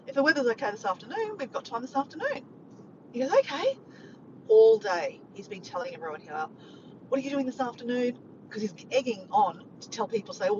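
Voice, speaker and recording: A woman, chatting casually to camera in a rambling, upbeat vlog. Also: on the high side. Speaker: vlogger. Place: in a car while driving. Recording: muffled with clear road noise.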